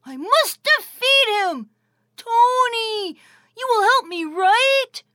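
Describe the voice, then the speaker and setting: Woman as tiny ice cream superhero, proud, chirpy, very high, bright, children's audio story. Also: very animated, slow pace, no echo, studio quality, heavily acted. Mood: excited.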